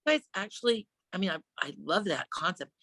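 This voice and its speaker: A woman in her sixties is a comedian guest on a podcast, telling stories in casual chat. Her delivery is deadpan, and she acts out the voices of the people she quotes. The sound is close and dry. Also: fairly low pitch, fairly quick, no room sound.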